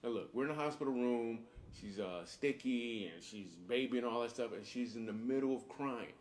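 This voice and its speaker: A man, a comedian and father, narrating a faith video in a relaxed, enthusiastic, conversational way. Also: mid-range voice, normal speed, slight background noise. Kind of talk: video testimony.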